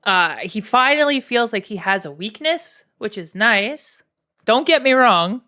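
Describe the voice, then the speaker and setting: Canadian woman streamer, unhurried, blunt and profane, chatty asides to her viewers. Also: a little high, lively intonation, bright, forceful tone. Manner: frank, profane, many fillers and asides to chat. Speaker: streamer ranking game characters. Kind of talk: casual live-stream commentary.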